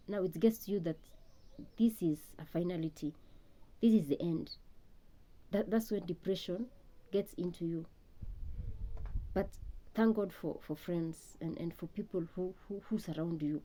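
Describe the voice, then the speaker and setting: A woman speaks in an earnest, reflective way, the kind of talk meant to help listeners heal. Her voice sits a little low and sounds deeply dark and mellow. She often stalls on a word and repeats it before carrying on. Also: moderate pace. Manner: earnest, repeats words often while searching for them. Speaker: speaker on healing from loss.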